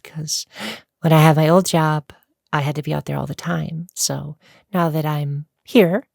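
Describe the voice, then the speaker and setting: A woman vlogger chatting through viewer questions with a low, gravelly voice. She rambles and laughs easily, recorded close and dry. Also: a little mellow, no echo. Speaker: YouTuber answering viewer questions. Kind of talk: casual Q&A vlog.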